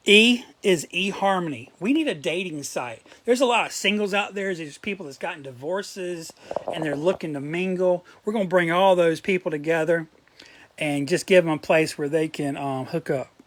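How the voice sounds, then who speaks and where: A man's voice: fairly high pitch, fairly bright tone, no room sound. A man in a casual show-and-tell vlog, rambling through his collection with crude jokes and asides, his throat a little dry. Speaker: collector vlogger.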